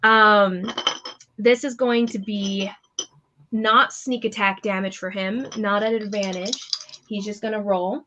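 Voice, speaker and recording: A woman game master describes the action in a relaxed, chatty way and keeps her fillers in. Her voice sits in a middle range, and the recording has a slightly muffled, lo-fi sound. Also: mid-range voice, takes it slowly, noisy background. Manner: loose, chatty narration with many fillers. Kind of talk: narrating a tabletop game.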